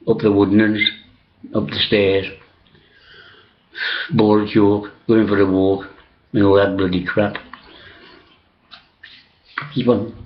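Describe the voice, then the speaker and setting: An older man, rambling through old memories with many fillers, restarts and casual swearing. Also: on the low side. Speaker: storyteller recalling old days. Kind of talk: rambling reminiscence. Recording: dull lo-fi sound.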